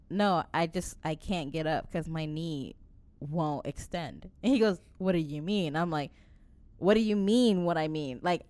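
A woman's voice: lowish voice, clear, resonant tone, no echo. A woman in her late twenties telling a story in casual chat, acting out quotes, swearing freely and laughing often.

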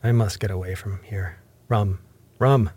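A gruff old sea captain, drunk and violent, barks short demands as a man puts him on. The voice is low and heavily husky, and the lines come slowly with force behind them. It is an old-fashioned storybook read-aloud. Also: fairly even intonation, dark tone, no echo. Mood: urgent.

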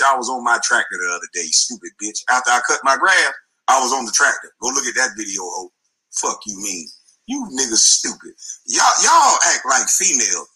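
A man's voice: mid-range voice, sharp tone, poor audio. A man in an angry, profane rant, taunting and repeating insults. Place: front seat of his car.

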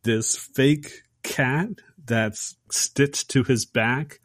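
A man casually recapping a horror film on a podcast, acting out the characters' lines with animated energy. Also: medium pitch, drawn-out words, dry recording, clean studio sound. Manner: animated storyteller acting out quotes. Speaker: podcast host.

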